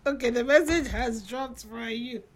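A woman's voice: on the high side, measured pace. A woman with a Nigerian accent hosting a call-in radio show, cheerful and welcoming callers, often laughing. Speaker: radio host.

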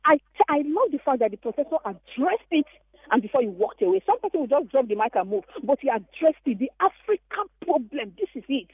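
A Nigerian woman phones in to a radio show and tells an animated, emphatic story. Her voice is high and slightly husky. The call sounds thin and dry, squeezed through a phone line. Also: a little fast, no room sound. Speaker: caller.

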